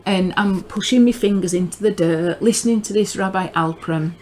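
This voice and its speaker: A woman's voice: mid-range voice, normal speed, a little hiss or hum. A woman with a northern English accent giving an informal spoken religious teaching, rambling and earnest, often repeating words and restarting her sentences. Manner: earnest, grows excited.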